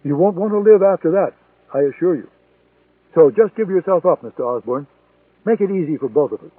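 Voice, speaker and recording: Narrator doing a menacing male assassin, taunting, raised and husky, thin phone-like audio. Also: fairly high pitch, expressive, no echo, recorded from a distance, pitched above the performer's own voice. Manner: taunting, deliberate and threatening. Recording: tinny phone-like sound, dry.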